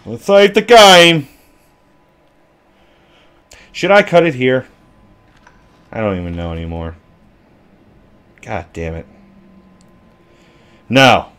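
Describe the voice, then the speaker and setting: A man's voice: medium pitch, slow, pauses often, fairly bright tone, smooth. A man commenting on his own horror game play, cursing angrily and talking back at the game. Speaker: gaming video host. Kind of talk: profane let's-play commentary.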